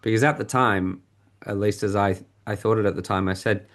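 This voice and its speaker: A man with a fairly low voice shares a candid story from his own life as a podcast guest. He talks reflectively, pausing and restarting as he searches for the right words. He is speaking into a podcast mic. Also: steady tone, fairly bright tone.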